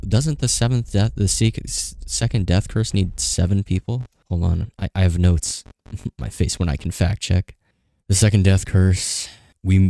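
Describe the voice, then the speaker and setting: A young man commenting casually on a horror game as he plays, swearing a lot, getting excited and reading in-game notes aloud. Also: sits low. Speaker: gaming YouTuber.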